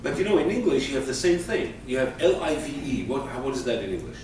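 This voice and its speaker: A Hebrew teacher gives a classroom lesson in a medium-pitched, sing-song voice, speaking fast. He explains patiently using everyday examples, and the sound is echoey, captured from far off in a room with faint noise.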